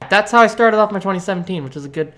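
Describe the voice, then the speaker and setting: A man's voice: high-pitched, very fast, fairly bright tone. A man in his twenties telling a story to camera in a rambling, self-mocking way, swearing freely. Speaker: vlogger.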